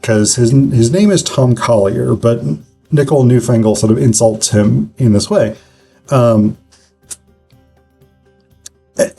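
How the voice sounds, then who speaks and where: A man's voice: mid-range voice, creaky, mellow, breathy edge. A man giving a casual online literature lecture, talking conversationally with frequent fillers and restarts.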